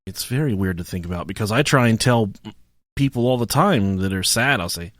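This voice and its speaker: A man's voice: lowish voice, lively intonation, a little fast, a bit bright, no echo, studio quality. A man co-hosting a podcast, reading listener emails aloud and cracking crude jokes between them. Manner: crude joking, mocking voices when quoting people. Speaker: podcast co-host.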